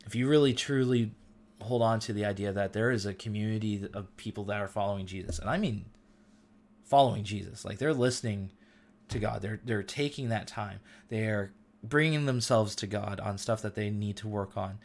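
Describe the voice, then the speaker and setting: A man's voice: fairly low pitch, normal speed. A middle-aged man hosting a casual faith talk, speaking earnestly and with feeling, using loose everyday slang. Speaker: host.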